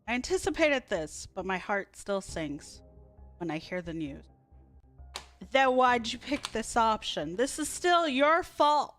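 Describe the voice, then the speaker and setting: A woman's voice: on the high side, animated, measured pace, fairly bright tone, soft background music. A young woman streaming a story game, reading its text aloud and reacting bluntly and sarcastically, with frequent swearing. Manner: blunt, sarcastic, swears freely at the game's choices.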